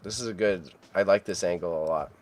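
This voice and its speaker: A man's voice: low voice, a little fast. A man streaming casually as he edits photos, chatting and muttering to himself while he works. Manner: chatty, self-mocking, mutters while working.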